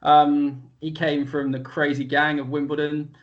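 A man's voice: fairly high pitch, flat delivery, measured pace, muffled recording, background noise. A man telling a wry anecdote in a casual chat.

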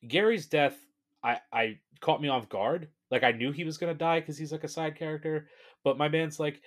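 Animated man on a horror podcast. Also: on the high side, normal speed. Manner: animated, laughing, acts out scenes. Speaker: podcast co-host. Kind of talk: casual chat.

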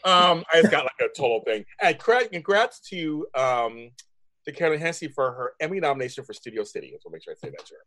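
Man, high-pitched, very lively, gushing casual chat. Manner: animated, quick, gushing. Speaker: co-host of soap recap show.

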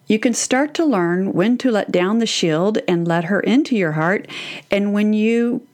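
A woman's voice: mid-range voice, moderate pace, a little mellow. A woman in her fifties talking earnestly to other parents, explaining her advice through metaphors.

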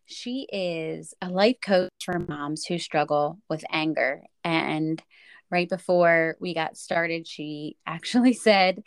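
A woman's voice: deep voice, slow pace, clean tone, no room sound. A woman hosting a casual podcast interview, chatty and rambling, with many fillers. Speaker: podcast host.

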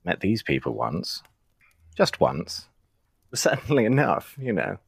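A man's voice: deep voice, wildly swooping pitch, a little slow, gravelly, slightly rough, dry recording, clean studio sound. A man playing an eccentric male dragonborn sorcerer in a tabletop game, talking in a chatty, genteel manner. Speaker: player voicing a dragonborn sorcerer. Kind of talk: tabletop role-play in character.

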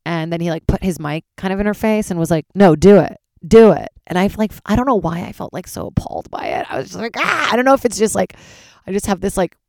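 A woman stand-up comedian hosting her own podcast, rambling casually, swearing freely and jumping wildly in pitch. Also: quick pace, gravelly, no room sound, studio quality. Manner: animated, swears freely, big jumps in pitch.

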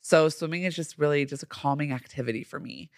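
A man's voice: fairly high pitch, quick pace, creaky, no echo, studio quality. A young man hosting a podcast, chatting casually and gushing with lots of slang. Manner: animated and gushing, heavy slang. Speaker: podcast host. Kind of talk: casual solo podcast chat.

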